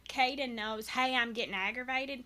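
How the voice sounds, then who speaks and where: A woman in her thirties speaks as a podcast guest. Her voice sits a little high and sounds bright and forceful. She talks earnestly and rambles through restarts. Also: normal speed. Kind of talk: candid personal conversation.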